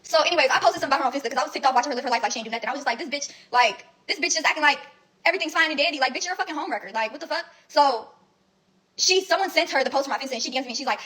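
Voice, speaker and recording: A woman's voice: sits high, rapid-fire, sharp tone, low-quality recording. A young woman telling a rambling, blunt story full of swearing and fillers. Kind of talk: casual storytelling recap.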